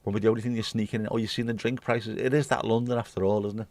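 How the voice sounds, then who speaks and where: A man's voice: on the low side, flat delivery, racing, darkish tone, no echo. A man hosting a livestream, chatting to viewers in a rambling, jokey way and swearing casually. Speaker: livestream host.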